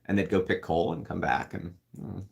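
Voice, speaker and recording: Deep-voiced guy rambling through a casual live stream, answering comments as they pop up. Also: lively intonation, moderate pace, creaky, darkish tone. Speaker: host.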